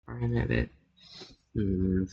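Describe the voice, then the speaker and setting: Here a man from Britain gives casual, rambling narration over a map-drawing screen recording, correcting himself and adding jokey asides. He speaks low and unhurried in a steady tone, creaky and slightly rough, on lo-fi sound.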